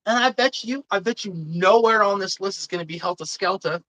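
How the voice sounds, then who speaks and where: A woman's voice: mid-range voice, a little fast, a bit bright, no echo, low-quality recording. Swearing, indignant woman streamer, dry mic. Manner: swears a lot, indignant and opinionated. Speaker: live stream host. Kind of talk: casual live stream chat.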